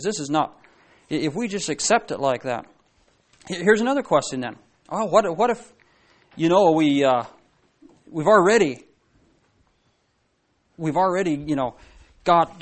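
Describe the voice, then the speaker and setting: A man preaching a sermon to a congregation, talking in a conversational way, asking questions and often restarting his sentences. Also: on the high side.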